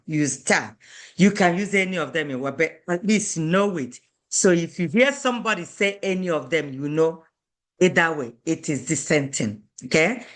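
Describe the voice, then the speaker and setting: A language teacher, an Igbo speaker, patiently teaching a beginner class and repeating each phrase slowly for learners. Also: medium pitch, a bit bright.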